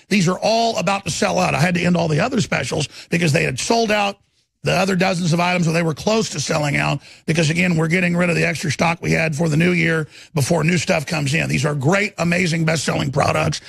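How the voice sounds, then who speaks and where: A man hosting a talk radio show, ranting angrily and emphatically, pitching products between tirades. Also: animated, brisk, gravelly, fairly bright tone, breathy edge, no room sound, clean studio sound. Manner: angry, emphatic, repetitive ranting.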